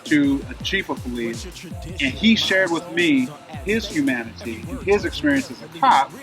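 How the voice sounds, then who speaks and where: A man telling a personal story in casual conversation, acting out the voices and shouts of the people involved. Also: a little high, moderate pace, over music. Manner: animated retelling, acting out shouted dialogue. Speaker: guest telling his story.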